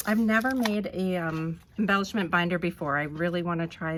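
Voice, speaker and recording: A woman vlogger narrating an unboxing, gushing with delight and often pausing with ums. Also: medium pitch, steady tone. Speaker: crafting vlogger.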